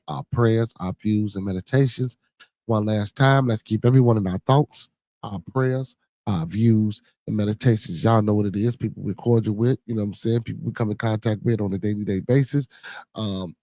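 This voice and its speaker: A man's voice: on the low side, creaky, warm tone, no room sound, clean studio sound. A man hosting a casual livestream podcast, talking in slang and repeating his catchphrases three times over. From Chicago. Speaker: podcast host.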